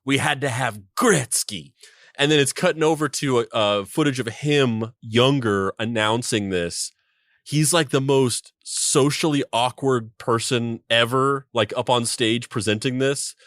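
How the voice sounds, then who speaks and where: A man co-hosting a podcast, rambling and excitable as he piles up restarts and laughs. His voice sits in the middle range and is recorded close and dry, with no room around it. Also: mid-range voice, measured pace, dry recording. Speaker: podcast co-host. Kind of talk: casual chat.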